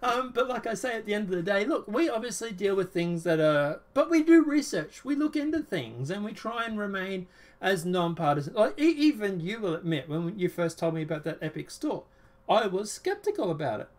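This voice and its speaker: A man's voice: high-pitched, very animated, brisk. Sarcastic, rambling male show host. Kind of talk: casual political chat.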